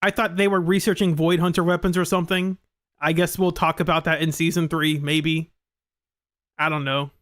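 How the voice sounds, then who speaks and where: Brief: relaxed game commentator, halting, reactive, mid-pitched. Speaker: gaming commentator. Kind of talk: game playthrough commentary, reading dialogue aloud.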